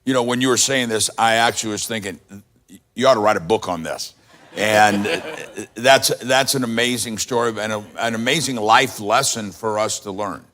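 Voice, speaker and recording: A man's voice: lowish voice, moderate pace, sharp tone. A man, a pastor hosting a talk show, who often breaks in with short affirmations. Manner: frequent affirming interjections. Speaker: pastor and host.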